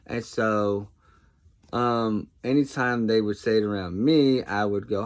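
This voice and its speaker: A man with a somewhat low voice talks to camera in a relaxed, reflective way. He is soft-spoken and hesitant, often pausing and restarting his sentences. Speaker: vlogger. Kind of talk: casual reflective monologue.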